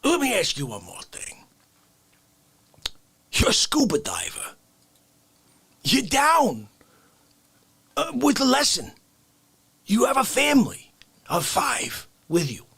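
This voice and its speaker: A man doing a comedic rant, swinging between shouting and hushed whispers. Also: very high-pitched, huge pitch swings, slow pace, gravelly, long pauses, slightly rough, no echo.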